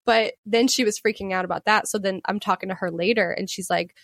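A woman co-hosting a podcast, telling a story in casual chat, animated, swearing freely and laughing often. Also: medium pitch, fast talker, vocal fry, no room sound, studio quality. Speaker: podcast co-host.

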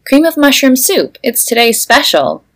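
A woman putting on a squeaky cheerful teen girl. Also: very animated, normal speed. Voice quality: high and squeaky when protesting. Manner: insistent, pitch jumping up. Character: cheerful teenage girl, defensive of her soup. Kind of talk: fan fiction read aloud.

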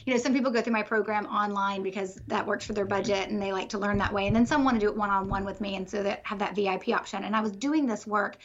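A businesswoman coaching on a podcast, talking with energy and conviction. Her voice is husky and breathy. The recording sounds slightly dull and lo-fi. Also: mid-range voice, fast talker, hardly any pauses. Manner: energetic, explains with conviction, laughs lightly. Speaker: business referral coach and author, podcast guest. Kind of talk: podcast interview.

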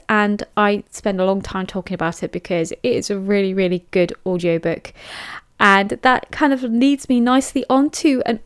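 A woman with an English accent talks through her book reviews in a casual, candid way, stressing her likes and dislikes and using plenty of fillers. Her voice sits a little high. The recording is dry and close, with no room sound. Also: smooth, no room sound. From England. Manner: chatty, candid, emphatic with frequent fillers.

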